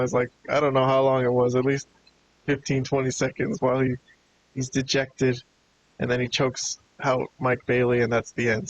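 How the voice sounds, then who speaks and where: A man giving a casual, laid-back review of a wrestling show, chatting and chuckling as he goes. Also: mid-range voice. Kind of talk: casual video review commentary. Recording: dull lo-fi with hiss.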